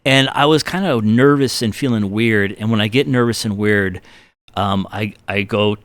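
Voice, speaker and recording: Low-voiced man spinning a rambling anecdote. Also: normal speed, no echo. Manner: animated anecdotes with acted-out quotes; self-deprecating, rambling. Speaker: guitar builder guest. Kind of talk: casual storytelling on a podcast.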